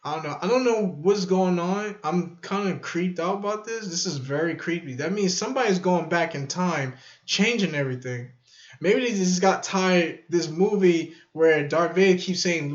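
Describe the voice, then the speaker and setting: A man's voice: high-pitched, lively intonation, moderate pace. Man vlogger, rambling musing delivery, echoey room. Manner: rambling, musing, repeats himself. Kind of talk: casual chat to camera. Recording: echoey room, dull lo-fi sound.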